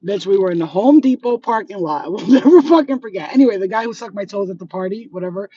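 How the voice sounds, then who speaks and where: A woman hosting her channel, telling stories to viewers in a profane, laughing, animated way. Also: mid-range voice, fast talker, husky, highs cut off. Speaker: channel host. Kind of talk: casual storytelling to viewers.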